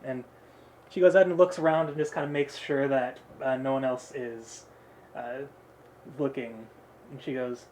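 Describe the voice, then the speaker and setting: Male game master, relaxed, laughs often, narrating a tabletop game, faint background noise. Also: mid-range voice, normal speed, low-quality recording.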